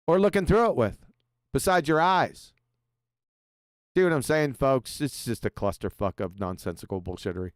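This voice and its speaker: Man, sarcastic profane rant, swings up and down in pitch, dry close sound, mocking host. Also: lively intonation, moderate pace, no echo. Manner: sarcastic, abrasive, swears a lot. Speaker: show host reacting to a video.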